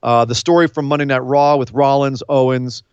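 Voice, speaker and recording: A man co-hosting a podcast in a casual recap chat, excitable and emphatic, sometimes choked up. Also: medium pitch, brisk, smooth, dry recording, muffled recording. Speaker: podcast co-host.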